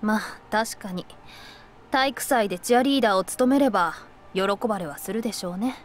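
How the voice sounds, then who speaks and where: Brief: actress as strict aristocratic mother, visual novel, quick and clipped, restrained anger. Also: mid-range voice, a little hiss or hum, close to an everyday voice. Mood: cool disapproval. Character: stern upper-class mother, middle-aged, controlling.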